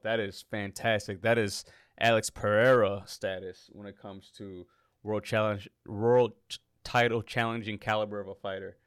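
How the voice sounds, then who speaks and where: This studio-quality, dry recording features a man with a smooth, lowish voice. He's an MMA podcast host running a laid-back fight preview, joking around, rambling, and frequently correcting himself as he goes.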